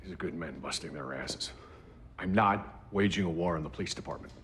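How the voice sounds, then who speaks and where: A man's voice: low-pitched, fairly quick, a bit bright, a little hiss or hum. An actor playing a curt male newspaper editor in a film scene. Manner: curt, dismissive.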